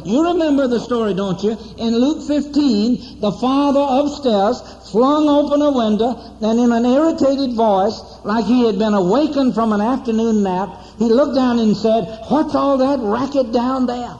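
A man preaching a sermon, telling a story with dramatic pauses and repeated rhetorical questions to the congregation. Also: very high voice, dark tone. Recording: dull, echoey church hall recording.

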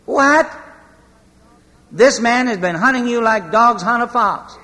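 Exasperated ancient soldiers, as a preacher puts them on. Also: male voice, very high voice, animated, slow, pushed and bright, pitched above the performer's own voice, heavily acted. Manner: urgent, incredulous pleading. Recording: long hall reverb.

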